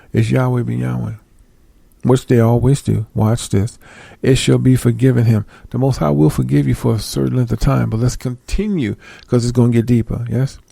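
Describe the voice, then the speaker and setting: Gravelly-voiced man preaching casually. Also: mid-range voice, warm tone, dry recording. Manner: conversational, asks listeners for agreement. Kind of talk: casual sermon with scripture reading.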